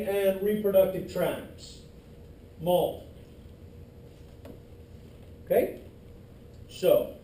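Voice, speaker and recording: A man teaching an anatomy class in a lively, joking way, teasing his students as he goes. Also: high-pitched. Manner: lively, jokey, teases students. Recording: echoey classroom, distant mic, faint hiss.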